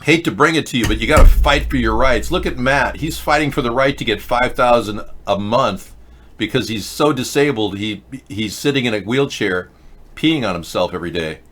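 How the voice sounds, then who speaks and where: A man's voice: medium pitch, normal speed, fairly bright tone, a little hiss or hum. A man hosting a live-stream show, talking in a rambling, sarcastic way with frequent restarts. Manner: rambling, sarcastic, self-interrupting. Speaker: host. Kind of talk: casual live-stream commentary.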